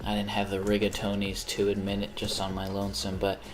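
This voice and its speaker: A man's voice: lowish voice, monotone, fairly quick, music in the background. A young man chatting casually on a live stream while he plays games, rambling, swearing freely and poking fun at himself. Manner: rambling, profane, self-mocking.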